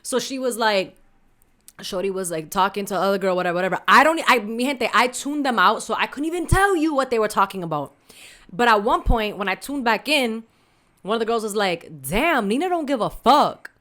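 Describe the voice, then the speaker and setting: A woman's voice: mid-range voice, animated, a little fast, pushed and bright. A woman podcast co-host telling a candid story in casual chat, full of slang and Spanish asides.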